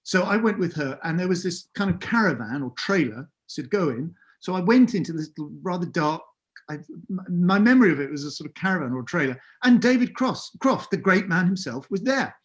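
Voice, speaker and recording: A man in his fifties with a somewhat higher-pitched voice. He is a podcast guest, telling an animated, self-deprecating story with dry humour. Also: a little fast. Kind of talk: anecdotal storytelling.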